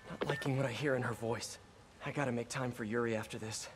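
An actor playing a quippy young male superhero, wisecracking in fights and earnest in quiet moments in a video game. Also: medium pitch, steady tone, quick pace, slight background noise, lightly acted.

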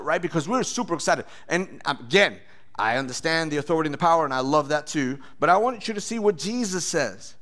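Male pastor, animated preacher, slightly high voice, loud bursts when acting out voices. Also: fairly quick. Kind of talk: sermon with testimony.

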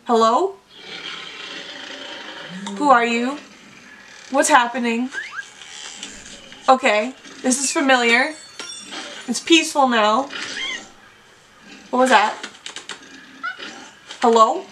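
A woman's voice: high voice, takes it slowly, pauses often, a bit bright, soft background music. A woman reacting live to a video game showcase, gasping, squealing and talking over the trailers. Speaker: gaming YouTuber reacting to a showcase. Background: game trailer audio playing.

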